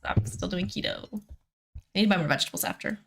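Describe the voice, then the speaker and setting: A woman's voice: on the low side, fast talker, creaky, slight background noise. A woman hosting a casual live stream from home, rambling with lots of fillers and giggling often. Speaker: streamer and host.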